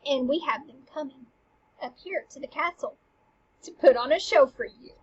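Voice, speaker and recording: A woman's voice: high voice, normal speed, natural voice. A woman voicing a friendly young male courtier, reading old verse and restating it casually. The recording is dull and lo-fi.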